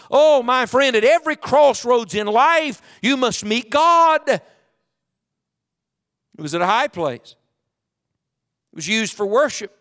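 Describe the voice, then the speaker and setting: Male pastor, high resonant voice; preaches with sweeping dynamics, drops to a hush. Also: clean tone. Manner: preaching with sweeping swings in volume, dropping to near hush. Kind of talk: sermon. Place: church sanctuary.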